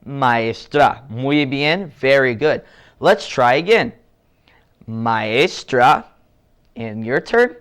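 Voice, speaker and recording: A man teaching a children's language lesson, encouraging and deliberate, drawing out each model word for the kids to repeat. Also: mid-range voice, expressive, fairly bright tone, clean tone. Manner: encouraging, slow and deliberate with drawn-out model words.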